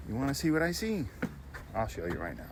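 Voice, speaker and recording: A man's voice: medium pitch, wildly swooping pitch, quick pace, noisy background. A man vlogging a walk outdoors, chatty and enthusiastic as he narrates what he sees. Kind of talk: walking tour vlog. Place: outdoors on a nature trail and lookout tower.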